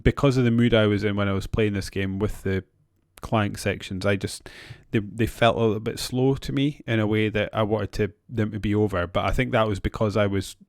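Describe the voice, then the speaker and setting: A man's voice: lowish voice, fairly even intonation, brisk, hardly any pauses, no room sound. Man, podcast co-host, casual chat, hesitant, laughs often, dry sound. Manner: hesitant, restarts often, laughs between remarks.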